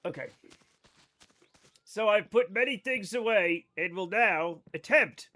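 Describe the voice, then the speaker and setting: Guy streaming a game live, kinda high voice, rambles and cuts himself off a lot, talks straight to chat. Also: lively intonation, takes it slowly, pushed and bright. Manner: rambling, self-interrupting, swears, addresses chat directly. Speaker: livestreamer.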